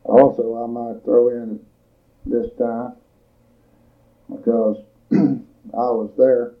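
An older man, a veteran, recalling his wartime service in a plain-spoken, measured storytelling manner for an oral history recording. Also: mid-range voice, level tone. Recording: tinny lo-fi tape recording.

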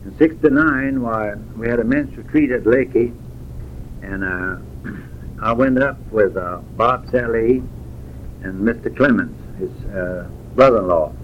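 A man, telling folksy stories from his past in a rambling, unhurried way. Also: medium pitch, dull audio, slight background noise. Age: 80s. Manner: folksy, unhurried, drifting with fillers and self-corrections. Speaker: storyteller. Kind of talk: rambling spoken reminiscence.

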